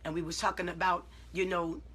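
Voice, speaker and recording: Bright, husky-voiced woman preaching. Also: on the low side. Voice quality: emphatic storytelling, acting out her own side of conversations. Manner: swings from calm self-talk to loud, drawn-out exclamations. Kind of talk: informal preaching to online viewers.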